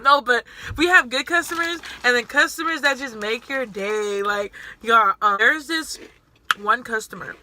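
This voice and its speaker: A woman's voice: a little high, background noise. A young adult woman in casual chat who keeps jumping in with her own work stories and quotes her customers. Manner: chatty, quick to jump in, quotes customers. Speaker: guest and sandwich shop worker. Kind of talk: casual chat while eating.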